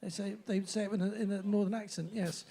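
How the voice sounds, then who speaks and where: Male pub music-night host, high pitch, rambling and chatty. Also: level tone, quick pace, slight background noise. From southern England. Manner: rambling, chatty, with restarts and loud announcements. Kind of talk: live stage announcing.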